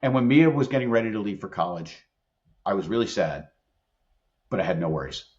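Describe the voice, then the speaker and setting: A middle-aged man with a fairly low voice speaks as a podcast guest, earnest and emphatic as he tells stories. The sound is dull and a little lo-fi. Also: expressive, a little fast, darkish tone. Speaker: employment attorney and leadership expert guest. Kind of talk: conversational podcast interview.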